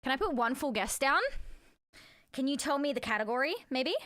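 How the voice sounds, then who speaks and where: Young woman streamer, giggly and foul-mouthed, with a bright, sharp tone and a close, dry sound. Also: high-pitched, brisk, no room sound. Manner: giggly, chatty, swears freely. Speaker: live streamer. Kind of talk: casual live-stream chat while playing a word game.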